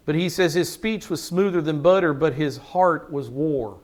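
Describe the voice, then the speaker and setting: Man, pastor, sermon, fairly high voice, drawn-out emphasis, rhetorical questions.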